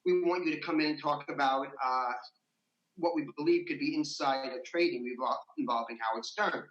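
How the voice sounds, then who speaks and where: A man, an interview guest, telling a story in a casual, animated way, his voice rising high when he gets worked up. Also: normal speed, reverberant, dull audio.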